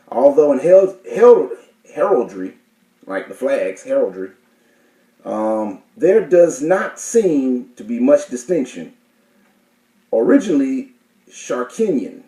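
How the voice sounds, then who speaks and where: A man's voice: mid-range voice, mellow. Man reading definitions in an echoey room. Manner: hesitant, many fillers and self-corrections. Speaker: class teacher. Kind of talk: reading and explaining legal definitions.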